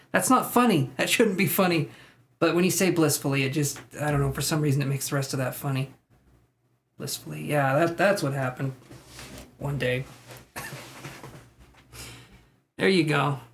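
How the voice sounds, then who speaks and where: Male tarot stream host, a touch high-pitched, loose joking banter with viewers. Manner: joking, laughing, swearing freely. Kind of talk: casual live-stream chat reacting to viewers.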